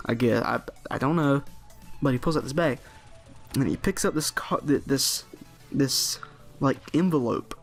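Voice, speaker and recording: A teenage boy telling a story casually on his video channel, rambling with lots of restarts and fillers. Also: medium pitch. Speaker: vlogger.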